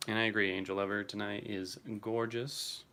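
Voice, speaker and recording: A man's voice: fairly low pitch, flat delivery, moderate pace, bright, forceful tone. A young man casually chatting on a livestream, answering viewers by name and swearing now and then. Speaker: streamer reading live chat.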